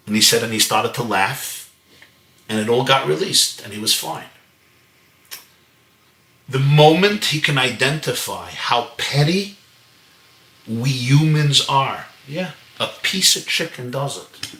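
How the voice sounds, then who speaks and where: A rabbi telling a story in a sermon, acting out the voices of the people in it. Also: male voice, medium pitch, lively intonation, unhurried, sharp tone, echoey room. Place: home.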